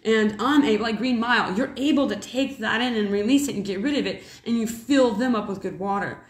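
A woman in her thirties, a mother, telling a rambling spiritual story in a casual, animated way. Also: fairly high pitch, brisk. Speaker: mother and preacher. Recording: echoey room.

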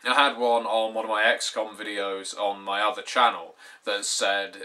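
With a lowish, level, sharp voice, this British YouTube gaming host in his twenties talks at a moderate pace and hardly pauses. He addresses the camera casually, dry and sardonic with wry humor.

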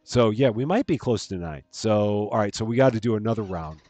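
A man's voice: on the low side, expressive, a little fast, darkish tone, no echo. A man chatting casually on a live game stream, rambling with lots of fillers and repeated words. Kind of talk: casual live-stream chat while playing.

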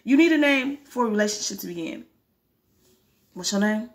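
A woman voicing an eager young female researcher who asks bright, rising questions. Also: mid-range voice, animated, moderate pace, close to an everyday voice.

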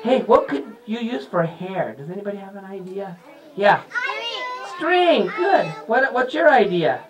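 A man's voice: high-pitched, sing-song, normal speed, background noise. A man working as a puppeteer, talking playfully to children in a live puppet show and quizzing them. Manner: playful, teacherly questions to kids.

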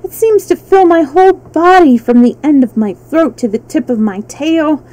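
Hungry male tiger, as a woman reads him, polite pleading, mournful, warm mellow tone. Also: high voice, lively intonation, normal speed, low-quality recording.

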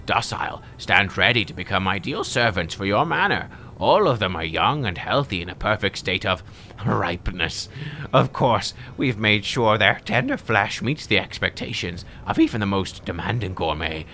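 A man's voice: on the low side, pushed and bright, a little hiss or hum. A man reading the lines of a fat, greedy, fawning male demon slave merchant in a game, in a wheedling salesman manner. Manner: wheedling, smooth salesman talk.

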